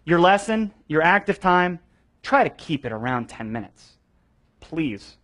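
A young man with a slightly higher voice, teaching a room of volunteer teachers. He talks in a loose, animated way, full of fillers and quick restarts, and slips into playful voices to act out students. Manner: acts out voices of students for effect. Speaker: children's ministry trainer. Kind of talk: teaching a training session.

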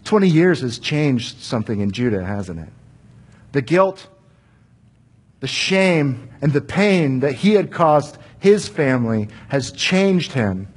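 A man's voice: mid-range voice, sing-song, takes it slowly, husky. A man preaching, retelling a Bible story conversationally and asking the listeners questions. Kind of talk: storytelling sermon.

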